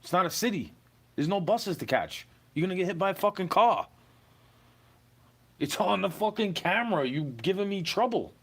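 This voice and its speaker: A man's voice: high voice, sing-song, normal speed, fairly bright tone, husky. A young man in an aggrieved, profane rant to camera, talking straight at someone who wronged him. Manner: aggrieved, profane, repeatedly says "bro". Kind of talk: ranting monologue to camera.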